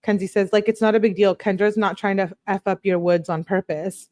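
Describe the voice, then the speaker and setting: Brisk and medium-pitched, this true crime host reads text messages out loud in casual, sarcastic commentary. She laughs frequently, is chatty, reads the quoted lines in a flat tone, and the close mic sounds dry.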